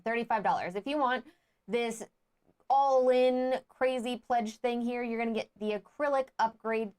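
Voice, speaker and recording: A woman co-hosting a casual chat show and reading viewer comments, reacting excitedly. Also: on the high side, moderate pace, clean tone.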